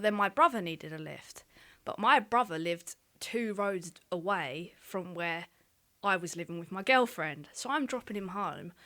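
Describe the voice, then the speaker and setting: A woman's voice: mid-range voice, a bit bright. A young woman telling a candid, sweary story on a casual podcast chat. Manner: candid, swears freely, lots of "like". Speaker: podcast co-host.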